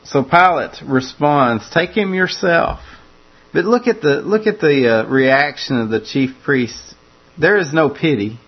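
A man's voice: mid-range voice, animated, unhurried, breathy edge, lo-fi sound. A man preaching a conversational sermon that walks through a scripture passage, often repeating words as he restarts his phrases.

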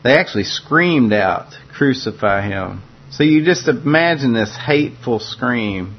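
A man's voice: medium pitch, animated, a little slow, husky. Man preaching, lo-fi sound. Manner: conversational, repeats words and restarts phrases. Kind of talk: expository sermon on scripture.

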